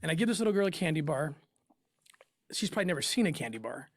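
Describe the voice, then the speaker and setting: A man in an interview, telling a personal story in an emotional, halting way with pauses and restarts. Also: on the high side, sing-song, dry recording, studio quality. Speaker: interview guest, former undercover operative.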